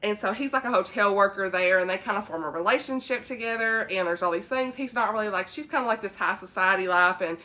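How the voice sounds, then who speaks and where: A young Southern woman talks to her channel about books in a chatty, easygoing way and laughs often. Her voice is bright and lively, and her drawl stretches through every "y'all.". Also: mid-range voice, quick pace, few pauses. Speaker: book vlogger. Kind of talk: casual chat to camera.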